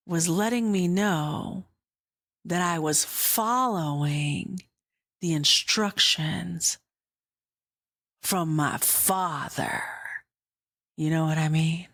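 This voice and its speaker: An earnest woman hosting a faith podcast, speaking slowly in a lowish voice and slipping into hushed whispers for emphasis. The recording is dry and close, with no room sound. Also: no room sound. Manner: earnest, slow, drops into whispers. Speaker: podcast host. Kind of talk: personal faith storytelling.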